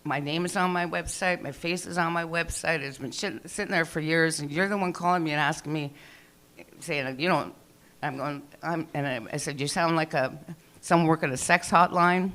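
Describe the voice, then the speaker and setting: On a small club stage, a middle-aged stand-up with a deep, fairly bright voice talks at a moderate pace. Her open-mic set wanders chattily, full of swearing and impressions of the people she describes.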